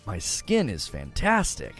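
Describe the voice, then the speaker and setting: A man in his forties hosts a casual livestream chat. He tells stories in an animated, laughing way, and his voice rises and falls a great deal. Faint music plays underneath. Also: on the low side, a little slow. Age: 40s.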